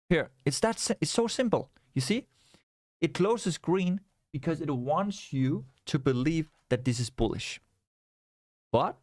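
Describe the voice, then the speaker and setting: A man with a fairly high voice hosts a live trading stream, coaxing and animated as he keeps asking viewers whether they see it. The sound is dry and close, with no room around it. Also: no echo. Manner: animated, coaxing, repeats rhetorical questions to viewers. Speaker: livestream trading host.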